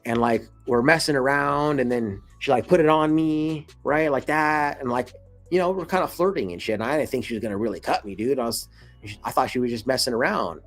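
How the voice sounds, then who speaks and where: A man's voice: brisk, soft background music. A man in his twenties telling a casual story to camera, swearing freely and calling the listener dude and bro. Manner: acts out quoted lines in a much higher excited voice. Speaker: vlogger. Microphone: camera mic, showing scars to camera.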